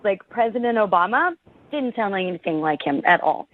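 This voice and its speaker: A woman's voice: mid-range voice, lively intonation, brisk, a little hiss or hum. A woman on a phone call to a radio show, giggly and a bit hesitant as she describes a date. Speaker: caller. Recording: tinny phone line.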